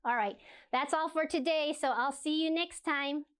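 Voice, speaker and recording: A woman with a fairly high voice gives an English lesson. She models each practice phrase slowly and clearly, then says it again for learners to copy. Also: a bit bright. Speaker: English teacher.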